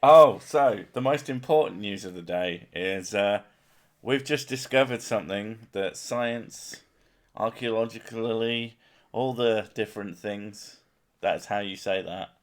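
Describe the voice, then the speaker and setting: A man's voice: fairly low pitch, unhurried. A young man hosting a stream, chatting casually with a co-host in jokey, sweary banter and laughing often.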